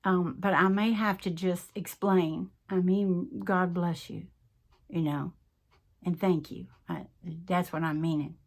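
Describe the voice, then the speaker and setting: A woman's voice: on the low side, steady tone, slow. A woman in her sixties with a Southern US accent, chatting casually and earnestly to her viewers as a craft channel host, full of folksy asides. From American South. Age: 60s. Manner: chatty, earnest, folksy, with many "y'all" and "you know". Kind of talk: casual chat to camera.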